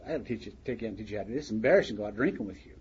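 A man voicing his old drinking buddy, a gruff and bossy middle-aged man who scolds and lectures. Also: on the low side, animated, rapid-fire, a little mellow, pitched below the performer's own voice, lightly acted. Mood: scolding. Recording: dull lo-fi recording with faint hiss.

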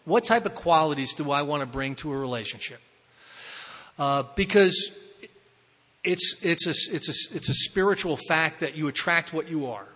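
A man's voice: a little high, moderate pace, bright, forceful tone. A man telling his recovery story to a live audience in a rambling, self-mocking way, full of fillers and restarts. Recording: reverberant hall.

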